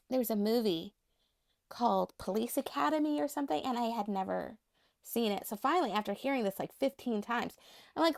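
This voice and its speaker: A woman collector with a high, thin voice, rambling casually and laughing often as she shows her dolls. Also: lively intonation, fairly quick, vocal fry, no echo, studio quality. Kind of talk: casual unscripted vlog chat.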